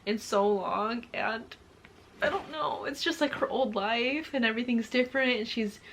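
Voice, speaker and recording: Woman book vlogger, casual and emotional, voice sitting a touch high, faint hiss behind her. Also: moderate pace, a bit bright. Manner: gushing and emotional, often laughing and tearing up; chatty, addresses viewers directly. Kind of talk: casual reading vlog, reacting to a book.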